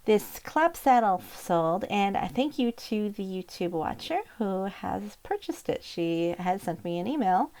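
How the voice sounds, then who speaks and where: A woman's voice: medium pitch, animated, a little slow, hardly any pauses, warm tone. A woman casually talking through postcards she sold online, chatty and thinking aloud with fillers and asides. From Montana. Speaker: eBay postcard seller. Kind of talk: casual sales recap vlog.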